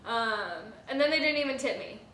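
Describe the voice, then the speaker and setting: A young woman and restaurant server telling a rambling, animated story in a casual vlog, swearing freely and using many fillers. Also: a little high, normal speed. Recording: echoey room with faint hiss.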